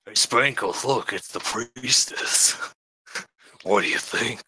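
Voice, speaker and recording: A man's voice: medium pitch, takes it slowly, pushed and bright, breathy edge. A man playing in a tabletop game, joking and playful. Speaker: player. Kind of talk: casual tabletop play.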